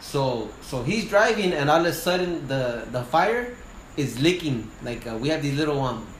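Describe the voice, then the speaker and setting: Firefighter guy telling a story, lots of cursing, does the voices, bit high pitched, echoey room. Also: normal speed. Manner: animated, profane, acts out quoted voices. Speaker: wildland firefighter and sawyer. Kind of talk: casual storytelling conversation. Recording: roomy with faint noise.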